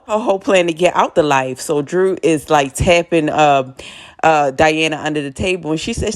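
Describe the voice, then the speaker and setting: A woman's voice: deep voice, moderate pace. A woman hosting a casual TV recap, blunt and profane, laughing often as she talks. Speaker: TV recap host.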